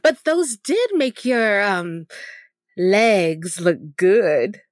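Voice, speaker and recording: A woman's voice: mid-range voice, expressive, extremely slow, dry recording, studio quality. A woman playing a wealthy, flirty socialite who teases her friends, in an improvised tabletop role-play. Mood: teasing. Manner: flirty and teasing. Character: rich teasing socialite woman.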